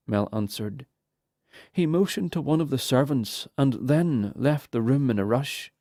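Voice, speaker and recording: A man reading fantasy narration for an audiobook in a measured, unhurried way. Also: mid-range voice, lively intonation, dark tone, no echo, studio quality.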